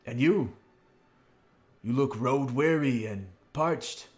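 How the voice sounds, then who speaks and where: A guy doing a booming, cheery innkeeper who greets everyone loud and friendly, pitched up high above his normal low voice. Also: slow, lightly acted. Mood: jovial. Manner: loud, hearty, hospitable. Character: jovial welcoming male innkeeper.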